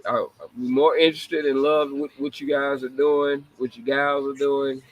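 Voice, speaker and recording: A man's voice: medium pitch, little pitch movement, moderate pace, dull audio. A man in his forties hosting a casual live talk show, laughing often and apologizing to young listeners he calls babies. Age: 40s. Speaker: show host.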